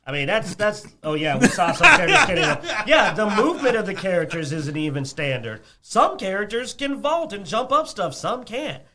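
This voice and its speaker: A man with a high, bright voice that swings widely in pitch, ranting about games on a casual chat show. He gets animated and laughs often. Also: normal speed, few pauses. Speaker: podcast co-host.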